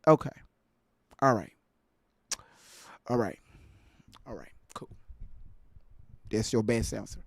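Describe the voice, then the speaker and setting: A man hosting a live stream from home, casually reacting to a clip, incredulous and quick to laugh. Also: on the low side, no echo. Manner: laid-back, incredulous, laughs easily.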